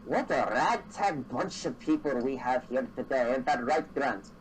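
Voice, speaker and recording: A man's voice: medium pitch, expressive, moderate pace, a little hiss or hum, lightly acted, low-quality recording. A man doing a cheeky, chatty halfling. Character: chatty male halfling cart driver.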